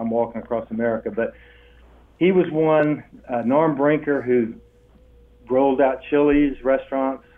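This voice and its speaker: Animated older man on a phone line. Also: mid-range voice. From Texas. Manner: animated storyteller, acts out quoted voices with laughs. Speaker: guest. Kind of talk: storytelling interview. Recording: tinny phone-line sound.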